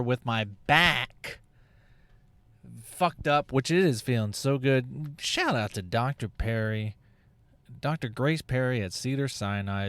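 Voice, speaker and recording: Slow, smooth-voiced rambling man. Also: medium pitch, no echo. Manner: rambling, profane, full of tangents and restarts. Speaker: podcast host. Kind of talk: casual comedic monologue.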